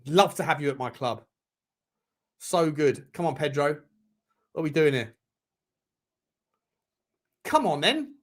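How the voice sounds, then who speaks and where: A man hosting a live football watchalong, reacting as a partisan fan with excitable shouting, swearing and a chesty cough. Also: on the high side, slow, long pauses. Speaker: fan channel host.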